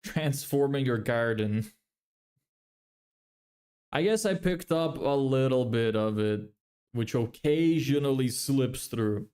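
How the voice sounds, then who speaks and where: A business vlogger livestreams his screen, muttering blunt critiques of websites in a casual, neutral accent often heard as American. His mid-range voice is animated and unhurried, with a dark tone.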